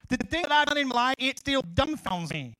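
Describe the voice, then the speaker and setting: A middle-aged man preaching a sermon as pastor, swinging from loud, stretched scripture reading to quiet, joking asides and personal stories. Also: extremely high pitch, sing-song, brisk, no echo, low-quality recording. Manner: storytelling with humor and laughs.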